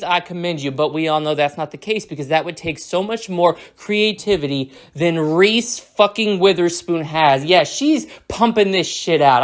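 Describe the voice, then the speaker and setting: Foul-mouthed satirical rant, film reviewer, sneering and sarcastic, mid-pitched voice. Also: fairly bright tone. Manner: sarcastic, mocking and heavily profane.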